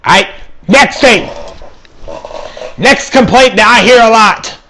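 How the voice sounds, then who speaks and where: A young man delivering an angry, sarcastic, profanity-filled comedic rant, mocking and shouting at his listeners. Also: extremely high pitch, slow pace. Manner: angry, sarcastic, swearing constantly, shouts and mocks. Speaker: vlog ranter.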